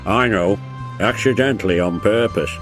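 A man's voice: fairly low pitch, moderate pace, over music, close to an everyday voice, low-quality recording. A man voicing a stern, impatient male railway boss in a storybook, speaking grimly and firmly. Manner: stern, patient but firm.

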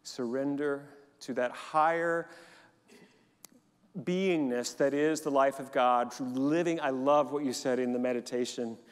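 Animated pastor in a reverberant sanctuary. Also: male voice, mid-range voice, unhurried, smooth. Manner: animated, leads the congregation in call-and-response. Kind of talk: sermon. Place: church sanctuary during a service. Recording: long hall reverb in a church.

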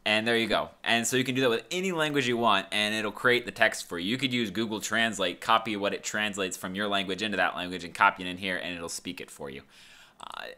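A man hosting a casual screen-recorded software tutorial, talking in a laid-back, rambling way with lots of fillers. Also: on the low side, fast. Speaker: tutorial host.

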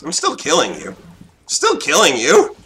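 A young man giving live gameplay commentary, excitable, swinging between loud outbursts and low mutters. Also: a little slow, a little hiss or hum. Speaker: gaming commentator.

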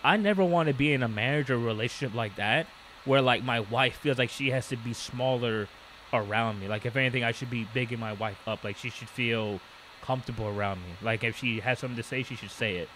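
A man's voice: mid-range voice, a little fast, slight background noise. A man co-hosting a podcast, casually telling a story and acting out the voices of the people in it. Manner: animated storyteller, acts out quoted voices. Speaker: podcast co-host.

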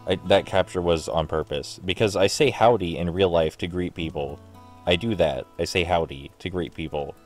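A man's voice: sits low, normal speed, faint music behind. A man casually commentating while playing a video game, rambling, sarcastic and swearing offhandedly. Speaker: gaming streamer. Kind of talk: casual let's play commentary.

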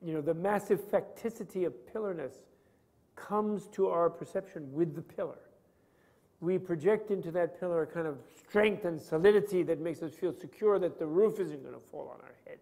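A man's voice: a little high, creaky, warm tone. An older man lecturing on Buddhist philosophy, rambling and conversational, often checking in with his listeners. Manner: rambling, conversational, asks students questions. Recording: long reverb of a hall.

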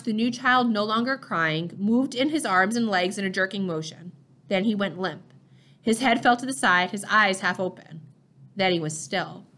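A woman's voice: fairly high pitch, a bit bright. Woman reading a novel aloud. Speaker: audiobook reader. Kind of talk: novel narration.

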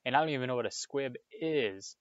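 A man's voice: fairly low pitch, fairly even intonation, moderate pace, smooth, no echo, lo-fi sound, natural voice. A man reading aloud, voicing a nervous schoolboy wizard who defends himself uneasily. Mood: defensive. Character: nervous twelve-year-old schoolboy wizard.

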